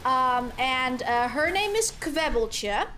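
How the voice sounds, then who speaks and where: High, lively woman game streamer. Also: slow. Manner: chatty and rambling, heavy use of "like"; excitable, squeals with delight. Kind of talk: casual gameplay commentary.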